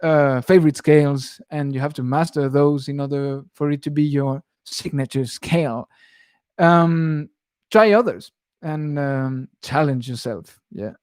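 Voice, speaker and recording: A young man talks loosely through a live Q&A about guitar, wandering off mid-sentence and chuckling as he goes. His voice sits a little high for a man, and the sound is close and dry with no room around it. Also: measured pace, darkish tone, clean tone, dry recording. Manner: rambling, self-interrupting, chuckles often. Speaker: guitar teacher. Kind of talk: casual live stream Q&A.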